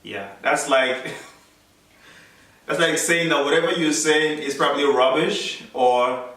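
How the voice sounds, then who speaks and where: A man's voice: a little high, takes it slowly, fairly bright tone. Nigerian man chatting in an echoey room. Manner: explains at length, laughs often, acts out quoted greetings. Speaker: co-host. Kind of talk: casual chat. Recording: echoey room, voice a bit far from the mic.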